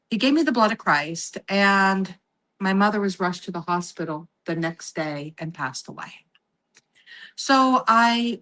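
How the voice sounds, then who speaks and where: A woman's voice: mid-range voice, pushed and bright. A woman telling a personal story in a casual podcast chat, acting out the voices of the people she quotes. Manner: acts out quoted voices, laughs while telling. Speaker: psychic medium guest.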